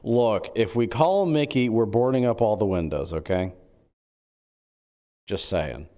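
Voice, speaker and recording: A man streaming in-character role-play chat, excitable and scheming, cracking quick jokes. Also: fairly low pitch.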